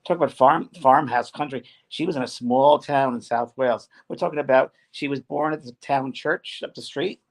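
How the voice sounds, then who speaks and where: A man's voice: mid-range voice, normal speed, hardly any pauses. A man co-hosting a spiritual talk show, telling stories in an earnest, rambling way. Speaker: co-host.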